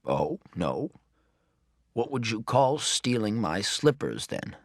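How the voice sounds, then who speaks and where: A man reading as a gruff, teasing old grandfather. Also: fairly low pitch, very animated, slow, no echo, clean studio sound, full character voice. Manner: gruff, chuckling, gently mocking. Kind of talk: audiobook reading.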